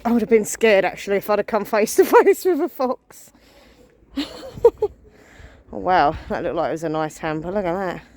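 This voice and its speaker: A woman's voice: mid-range voice, lively intonation, fast, a little mellow. A woman in her thirties filming a casual vlog while walking down a street, out of breath and anxious. She sounds chatty and self-deprecating, with frequent sighs. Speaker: vlogger. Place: outdoors on a residential street, walking.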